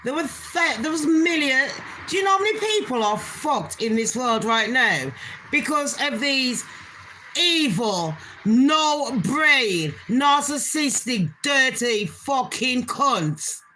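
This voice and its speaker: A woman with a high, bright voice delivers casual ranting commentary as host of her own channel. She talks bluntly and scornfully and swears heavily. Her tone stays sharp and forceful throughout, with a little faint noise behind her. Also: expressive, slow.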